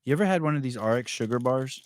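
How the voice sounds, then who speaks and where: A man's voice: mid-range voice, expressive, fast talker, dry recording. A man hosting a podcast, chatting casually and telling a long story with lots of restarts and fillers. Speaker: podcast host. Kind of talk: casual chat.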